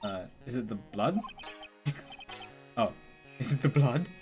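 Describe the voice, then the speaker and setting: A man's voice: mid-range voice, lively intonation, a little slow, darkish tone, soft background music, close to an everyday voice. A man voicing a young male lawyer in a game, in a dry, puzzled way close to his own voice. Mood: wry.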